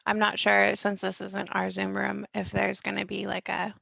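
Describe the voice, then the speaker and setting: A woman co-hosting an online meeting, chatting in a brisk, practical way over a video call. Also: medium pitch, monotone, vocal fry, pushed and bright, no echo. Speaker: meeting co-host. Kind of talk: casual video-call chat.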